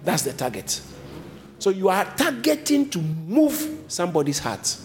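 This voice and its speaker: A man preaching a sermon as a pastor, switching between low explanations and sudden high emphatic lines. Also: a little slow. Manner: animated preaching, jumping to high emphatic pitch.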